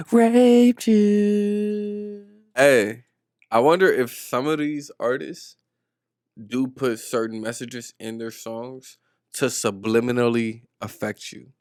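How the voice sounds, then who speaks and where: Slangy young man, close dry mic. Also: no echo. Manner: animated, slangy, jumps into high mocking voices. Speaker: reaction video host. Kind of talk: casual reaction commentary.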